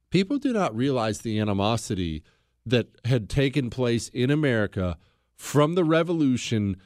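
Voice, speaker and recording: A man's voice: a little high, no echo, clean studio sound. A man hosting a podcast, telling history in a blunt, opinionated way, mocking people and acting out quotes. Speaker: podcast host.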